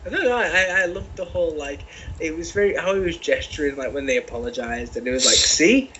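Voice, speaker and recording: Swearing British man, animated. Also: on the high side, fast, muffled recording, slight background noise. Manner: animated, swears freely, stumbles over restarts. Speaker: podcast co-host. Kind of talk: casual chat.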